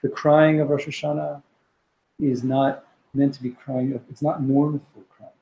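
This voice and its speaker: A man's voice: mid-range voice, flat delivery, a little slow, reverberant, lo-fi sound. A man teaching a text study class, reading Hebrew passages aloud and explaining them with frequent restarts. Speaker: Torah teacher.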